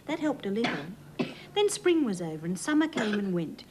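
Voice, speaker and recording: An Australian woman reading a storybook to young children, gentle and sing-song as a children's TV host. Her voice sits at an ordinary pitch, and a faint hiss runs behind her. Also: big pitch swings, moderate pace.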